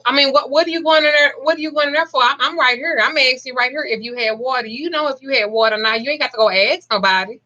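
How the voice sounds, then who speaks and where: Chatty Southern woman, 40s, forceful bright tone, plain-spoken vlogger. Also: high-pitched, fast talker, hardly any pauses, muffled recording. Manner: chatty, blunt, swears freely. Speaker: spiritual practitioner. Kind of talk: casual vlog chat.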